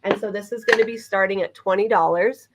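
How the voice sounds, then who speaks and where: A woman's voice: medium pitch, fairly even intonation, fairly quick, background noise. A woman co-hosting a live vintage sale, chatting enthusiastically as she describes items. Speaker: vintage seller co-host.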